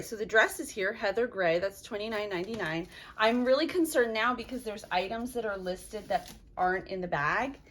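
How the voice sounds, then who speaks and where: A woman's voice: medium pitch, fairly bright tone, slight background noise. A young woman chats through a subscription box unboxing in a loose, unscripted vlog voice. She sounds frustrated and rambles, leaning on "like" as she talks her way through the items. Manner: frustrated, fills talk with "like".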